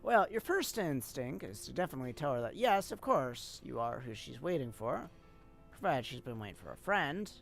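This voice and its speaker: A streamer reading a game's narration aloud on a live stream, unhurried and expressive, with casual asides. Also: medium pitch, gravelly, soft background music.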